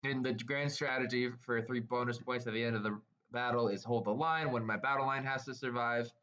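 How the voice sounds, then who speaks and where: A man's voice: mid-range voice, fairly even intonation, a little fast, pushed and bright, highs cut off. An enthusiastic man teaching tabletop wargame list building, tripping over his words as he explains, followed by a camera operator. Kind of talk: excited casual explanation. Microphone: camera held by helper, moving about.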